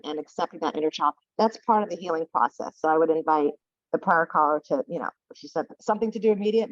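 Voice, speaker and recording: A woman's voice: on the low side, no room sound. Earnest woman caller on a dull line. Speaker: caller, life coach. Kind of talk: phone-in comment.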